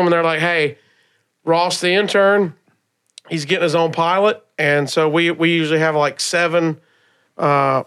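Animated Southern man telling stories. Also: a little high, clean tone. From Alabama. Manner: animated, laughing through stories, acting out others' lines. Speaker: podcast guest, comedian. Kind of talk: casual storytelling.

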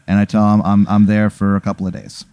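Stammery guy, low mellow voice, dry close sound. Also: little pitch movement, fast talker, smooth, no echo, dull audio. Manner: stammering, incredulous. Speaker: podcast co-host. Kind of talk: casual chat.

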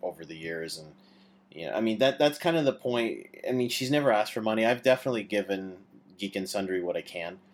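Low-pitched male podcast host, rambling and hesitant. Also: animated, fast. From Canada. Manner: rambling, hesitant, many restarts. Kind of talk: casual chat.

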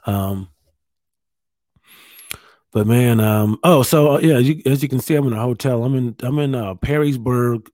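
A stand-up comedian from Ohio telling a candid story to camera from a hotel room, pausing often and restarting his sentences. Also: mid-range voice, dark tone, dry recording, studio quality. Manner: halting, many fillers and restarts, candid.

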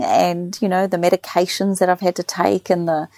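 Gravelly woman telling a story. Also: on the low side, moderate pace, slight background noise. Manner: animated storyteller, quotes others in lively voices. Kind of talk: casual chat.

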